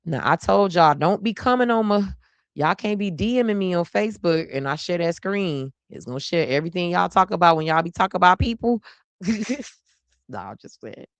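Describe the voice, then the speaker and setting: A chatty, playful woman hosts a live stream, speaking to her viewers in a low voice and saying y'all at every turn. The sound is dry and close. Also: expressive, moderate pace, no echo. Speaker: host of a live stream show. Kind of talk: casual live stream chat.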